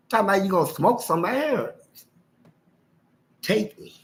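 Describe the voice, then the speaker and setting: Bright-voiced man telling a story live. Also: sits high, normal speed, poor audio. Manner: animated, slangy, acts out the quotes.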